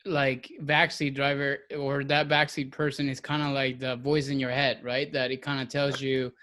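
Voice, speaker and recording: A man's voice: mid-range voice, monotone, normal speed, bright, forceful tone. A man in a casual podcast chat, easygoing and full of "like". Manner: easygoing, filler-heavy with "like".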